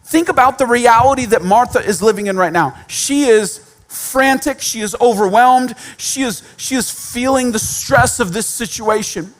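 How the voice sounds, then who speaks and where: A man's voice: very high voice, normal speed, few pauses, fairly bright tone. A man giving a sermon in a conversational way, with self-deprecating humor and repeated points for emphasis. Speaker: pastor.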